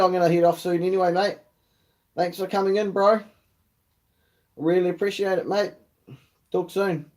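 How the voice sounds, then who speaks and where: A man's voice: high-pitched, flat delivery, normal speed, long pauses, a little mellow. A young man with a New Zealand accent hosting a casual live chat, slangy and swearing freely, calling viewers mate and bro. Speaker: livestream host.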